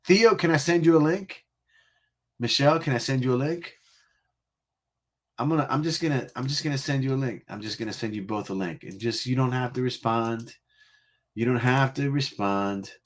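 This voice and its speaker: A man from Connecticut, USA, hosts a music livestream, chatting casually in a playful, teasing, rambling way and laughing frequently. His voice is mid-range at a normal speed.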